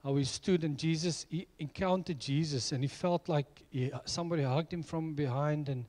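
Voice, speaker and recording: A man's voice: on the high side, moderate pace, a little mellow. A middle-aged man preaching a sermon, telling personal stories in an earnest way. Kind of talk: sermon with storytelling.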